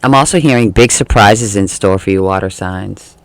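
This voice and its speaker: A man's voice: on the low side, normal speed, no room sound. A man giving a casual tarot reading, chatty and laughing often, acting out the feelings he describes. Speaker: tarot reader.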